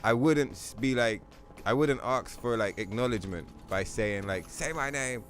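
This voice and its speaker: A man with a lowish voice hosts a game livestream at a moderate pace, telling rambling, profanity-filled stories and chatting casually with viewers. Soft music plays in the background.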